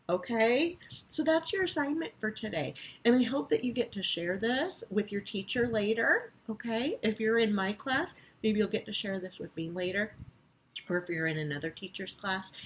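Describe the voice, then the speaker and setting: A young woman teaching kindergarten in a gentle, sing-song manner, pausing to check in with "okay?" again and again. Her voice sits a little low for a woman, and a faint hum of room noise sits under the recording. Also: low-quality recording. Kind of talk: reading aloud and giving an assignment to young children.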